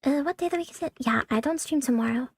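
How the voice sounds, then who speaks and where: A woman's voice: high-pitched, quick pace, creaky, slight background noise. A young woman streaming from home, chatting candidly and rambling, swearing freely, on a mic on a stand. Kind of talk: casual stream chat. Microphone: new condenser mic on a stand. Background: faint background music.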